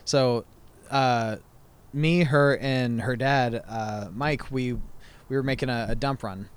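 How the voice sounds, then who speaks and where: A man's voice: mid-range voice, slow pace, a little hiss or hum. A man in casual podcast chat, laid-back and profane, often laughing as he tells stories.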